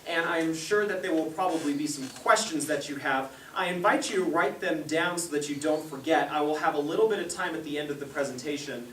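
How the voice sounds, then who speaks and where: A man's voice: fairly high pitch, a little fast, few pauses, fairly bright tone. Young man giving a parenting seminar. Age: young adult. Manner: storytelling, laughs often and acts out quotes. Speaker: seminar presenter. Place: meeting room with a live audience. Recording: echoey room, distant mic, faint hiss.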